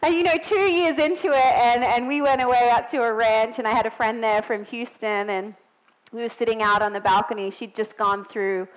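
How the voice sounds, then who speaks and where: A woman in her thirties preaches with a high, bright-pitched voice. She tells personal stories earnestly and rises to emphatic peaks. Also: fairly even intonation, moderate pace, poor audio. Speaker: pastor's wife preaching. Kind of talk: sermon.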